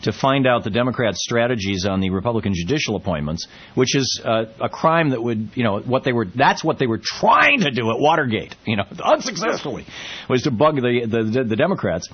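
A man hosts a call-in political radio show at a middle pitch, talking in a loose, stumbling way with frequent fillers and restarts. The audio is a little dull, like an older radio broadcast. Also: very animated, a little fast, breathy edge. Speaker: talk radio host.

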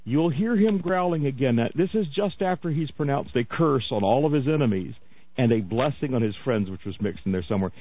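A man's voice: medium pitch, lively intonation, fairly quick, slight background noise. A man hosting a radio talk show, chatty and mocking, often laughing as he tells a story. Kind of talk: casual radio commentary. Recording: tinny phone-like radio audio.

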